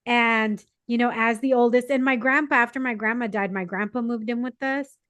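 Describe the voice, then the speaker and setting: Woman podcast host, rambling and jokey, slightly high voice, dry room. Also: steady tone, moderate pace, a bit bright, no room sound. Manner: chatty, rambling, self-deprecating humor. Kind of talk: casual conversation.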